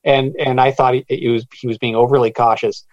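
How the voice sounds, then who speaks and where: Halting man telling a story, lo-fi. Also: medium pitch, no room sound. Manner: halting, many restarts, animated retelling with quoted voices. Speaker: author guest. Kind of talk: storytelling interview.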